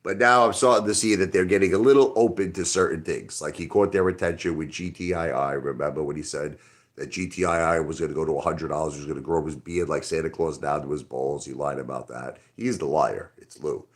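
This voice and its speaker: A middle-aged man with a deep voice hosts a casual livestream. He rambles from one point to the next and answers his chat directly in a loose, conversational way. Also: fairly even intonation, brisk. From Brooklyn, New York. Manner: rambling, talks straight to chat. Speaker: livestream host.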